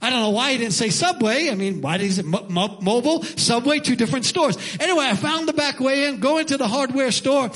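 A man preaching a sermon, telling a personal story with animated emphasis before turning to scripture. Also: very high voice, fairly quick, few pauses. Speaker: pastor.

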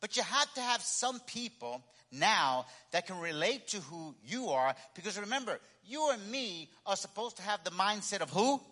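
A man's voice: high-pitched, very animated, moderate pace, few pauses, sharp tone, long reverb tail. A man preaching a sermon to a congregation, emphatic and repetitive, calling for responses from the crowd. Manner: emphatic, repeats key phrases, calls for congregation responses. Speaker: pastor. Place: church sanctuary.

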